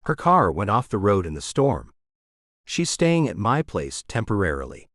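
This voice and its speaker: A man reading an audiobook, voicing a gruff, grumpy young man who bakes for a living. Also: on the low side, huge pitch swings, normal speed, a bit bright, dry recording, studio quality, full character voice. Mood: curt. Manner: curt, gruff. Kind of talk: audiobook character voice.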